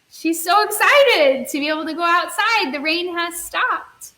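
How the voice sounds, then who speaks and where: Very high-pitched woman teaching kids' yoga. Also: animated, a little slow, hardly any pauses, pushed and bright. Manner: sing-song, encouraging, playful sound effects. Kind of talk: storytelling yoga class for kids. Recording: echoey room, distant mic, faint hiss.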